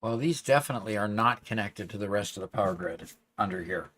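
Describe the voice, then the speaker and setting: A man with a fairly low voice chats while playing a video game with a friend. He thinks aloud, restarting his sentences as he works through problems in the game. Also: lively intonation, fast, a bit bright. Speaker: co-player. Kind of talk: casual gaming chat.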